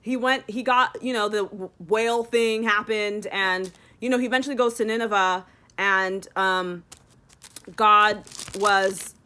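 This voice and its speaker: A young woman in a casual devotional vlog, rambling and animated, using "like" constantly as she retells a story. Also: medium pitch, measured pace, smooth. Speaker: Christian vlogger.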